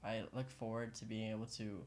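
Young male guest, earnest and relaxed, stops and restarts often. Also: on the low side. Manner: easygoing, earnest, halting restarts. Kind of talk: casual chat.

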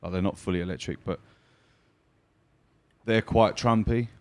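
Brief: low-voiced man, quick and cheeky, casual cab-driver anecdotes with put-on voices. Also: fairly even intonation. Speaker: cab driver and online comedian, guest. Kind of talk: casual podcast chat.

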